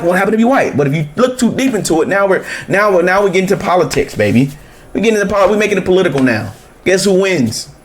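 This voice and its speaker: A fairly high-voiced man reacting to clips in loose, profane commentary. He talks bluntly and mockingly, jumping between rants and quick asides. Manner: blunt, animated, mocking, swears freely.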